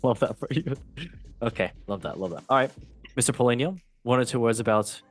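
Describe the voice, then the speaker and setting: A man's voice: mid-range voice, lively intonation, a little fast, faint music behind. A man hosting a casual football podcast, reading news in a chatty, jokey way and tripping over words now and then. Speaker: host.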